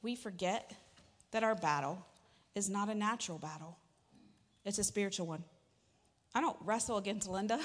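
A woman pastor delivers a sermon in a church, talking in a chatty, joking way and pushing hard on her points with sudden emphatic rises. Her voice sits at an ordinary middle pitch and carries a long hall reverb. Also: moderate pace, long pauses. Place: church sanctuary.

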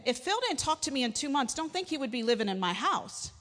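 A woman's voice: high voice, sing-song, fast, fairly bright tone. A woman pastor preaching a sermon in a church, chatty and joking, with sudden emphatic rises. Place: church sanctuary. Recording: long hall reverb.

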